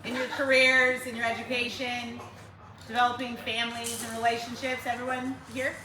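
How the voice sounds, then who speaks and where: A woman fitness coach talking to a group in a lively way, asking them questions and acting out her clients. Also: on the high side, normal speed, recorded from a distance. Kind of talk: group workshop talk. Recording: roomy, from across the room, faint noise.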